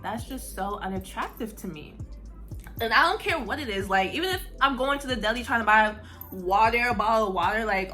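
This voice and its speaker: A young woman telling a story in a casual, blunt way, full of "like" and swearing. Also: medium pitch. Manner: animated, heavy use of "like", blunt and profane. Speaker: vlogger.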